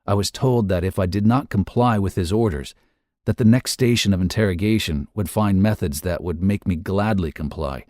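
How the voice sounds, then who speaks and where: Guy reading a war memoir, low voice, slow and somber, dead dry sound. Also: darkish tone, no echo. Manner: measured and somber. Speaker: podcast narrator. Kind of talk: scripted first-person memoir reading.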